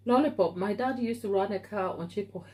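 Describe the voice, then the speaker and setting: A woman's voice: mid-range voice, a little fast, a little mellow. A woman from Africa hosting a live baking stream from her kitchen, chatting playfully with viewers and teasing them by name. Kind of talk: casual live-stream chat reading viewer comments. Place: home kitchen.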